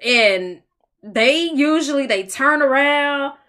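A woman co-hosting a casual podcast, reading listener questions aloud and reacting with animated exclamations. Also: high voice, slow. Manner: animated, exclaiming, laughs often. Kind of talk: casual chat.

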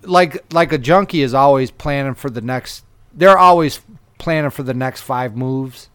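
A man casually telling a rambling, profane story on a podcast, getting louder and laughing as it goes. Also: medium pitch, moderate pace, clean tone.

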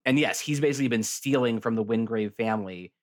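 A man's voice: mid-range voice, quick pace. A man co-hosting a podcast, chatting casually about a TV series, rambling with many restarts and acting out lines. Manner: rambling, restarts often, acts out quotes. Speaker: podcast co-host. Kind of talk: casual chat reviewing a TV show.

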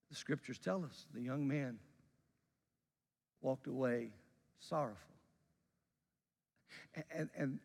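A man preaching a sermon, telling a story conversationally with animated emphasis and building to a fervent close. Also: medium pitch, gravelly, husky, long reverb tail. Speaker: pastor.

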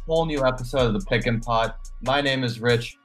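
A man's voice: mid-range voice, a little fast, fairly bright tone, faint music behind. A Canadian man hosting a sports podcast, chatting casually and joking with his co-hosts, sometimes stumbling over his words. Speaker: podcast host.

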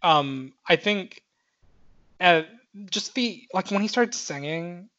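A man's voice: high voice, lively intonation, slow, pushed and bright, lo-fi sound. A man co-hosting a podcast, chatting casually and earnestly with lots of fillers. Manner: earnest, gushing, filler-heavy. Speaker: podcast co-host. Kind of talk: casual chat.

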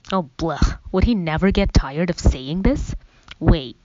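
Female narrator, deep register, wry conversational storybook read, dry muffled recording. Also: expressive, unhurried, dark tone, no echo. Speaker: audiobook narrator. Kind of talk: first-person storybook narration.

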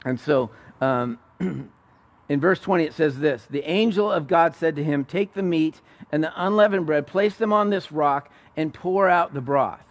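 A man preaching a sermon, retelling a story with animated, acted-out quotes and frequent restarts. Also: fairly high pitch, moderate pace. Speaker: pastor.

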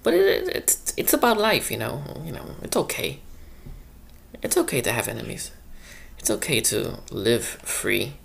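A man hosting a one-man comic monologue about the workplace, chatting casually and acting out coworkers in quick quoted bits. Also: medium pitch, huge pitch swings, vocal fry, a bit bright, slight background noise. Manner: chatty, acts out quoted coworkers, laughs at own stories. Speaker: one-man show host. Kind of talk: rambling comic monologue about work life.

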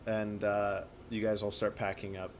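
A man's voice: on the low side, monotone, moderate pace, a little hiss or hum. A man running a tabletop game as game master, narrating with frequent hesitations. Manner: hesitant, many ums.

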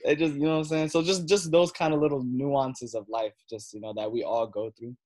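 A man's voice: mid-range voice, steady tone, brisk, darkish tone, dry recording. A young man, a comedian guest, telling stories in a laid-back, slangy way full of fillers. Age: young adult. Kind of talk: casual storytelling chat.

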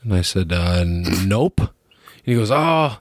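A man telling stories in casual chat, animated, laughing and swearing often. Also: low-pitched, unhurried, no echo, clean studio sound.

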